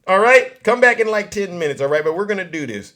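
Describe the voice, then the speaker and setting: Male livestream host, political commentary, higher voice, loud, mocking, repetitive. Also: expressive, quick pace. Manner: loud, mocking, repeats himself.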